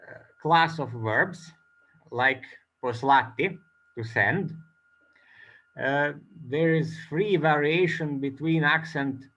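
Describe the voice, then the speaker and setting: A man giving an academic conference talk as a presenter, speaking haltingly with many filler pauses. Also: medium pitch, vocal fry, pushed and bright, rough recording.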